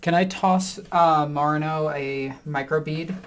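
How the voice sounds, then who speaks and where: A woman's voice: deep voice, a little slow. Woman player describing her character's moves. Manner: describes her character's actions in first person, laughs often. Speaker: player and channel host. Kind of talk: casual tabletop role-play. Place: online voice call.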